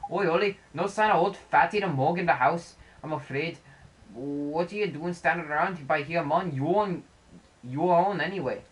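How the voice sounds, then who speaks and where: A woman's voice: low-pitched, moderate pace, a little hiss or hum, close to an everyday voice, rough recording. A woman putting on a brash fairy man. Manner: bossy, rough-talking, shouty. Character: cheeky male fairy sidekick, brash and blunt. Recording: game music playing under the voice.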